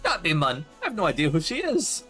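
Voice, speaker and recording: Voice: medium pitch, huge pitch swings, brisk, fairly bright tone, soft background music, pitched above the performer's own voice. Drippy: a streamer doing a brash Welsh fairy. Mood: defensive. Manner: brash, slangy, says "mun" a lot. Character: cheeky Welsh male fairy sidekick. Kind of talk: reading game dialogue aloud in voices.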